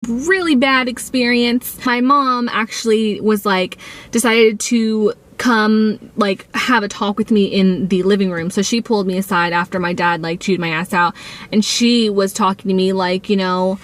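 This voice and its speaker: A woman's voice: medium pitch, steady tone, unhurried. A young adult woman telling a casual storytime on her channel, chatty and filler-heavy, acting out what people said. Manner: chatty, acts out quoted dialogue, many fillers. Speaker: vlogger.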